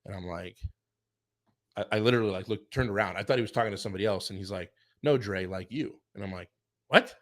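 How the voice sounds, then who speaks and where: Animated low-voiced man telling stories. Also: rapid-fire. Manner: animated, acts out quotes, many fillers like "like". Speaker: chef and show guest telling his career story. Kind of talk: casual storytelling chat.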